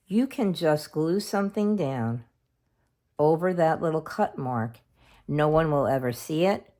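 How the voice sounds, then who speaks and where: Slow, low-voiced woman teaching a craft. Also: a little mellow. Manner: chatty, homely, talks while working with hands. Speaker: craft video host. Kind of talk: casual craft tutorial.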